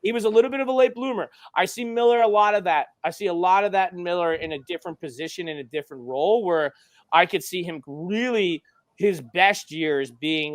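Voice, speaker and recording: A man's voice: fairly high pitch, no echo. A man who coaches hockey, a podcast guest giving frank, emphatic opinions in casual chat.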